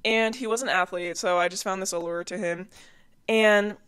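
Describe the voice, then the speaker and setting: A woman in her twenties, hosting a podcast and telling her stories in a chatty, animated way, often laughing. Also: medium pitch, normal speed, clear, resonant tone. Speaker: podcast host. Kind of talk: casual storytelling.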